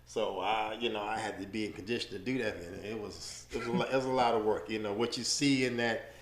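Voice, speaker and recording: Middle-aged guy, low voice, talks slow n rambly w lots of fillers, echoey room. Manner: relaxed, rambling, many "you know" fillers. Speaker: boxing referee, guest. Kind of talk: casual interview storytelling.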